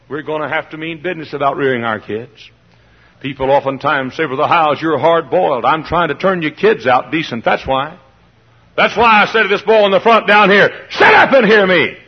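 Impassioned husky preacher man, lo-fi. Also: on the high side, fairly quick. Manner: impassioned, swings from hushed to shouting. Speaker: pastor. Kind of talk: fiery sermon. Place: church. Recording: dull lo-fi old sermon recording.

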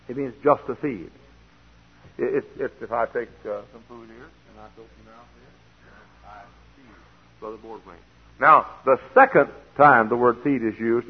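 In a church, a pastor delivers a folksy sermon that sometimes swells into loud, emphatic preaching. His mid-range voice is a bit husky and comes through a tinny, lo-fi old recording.

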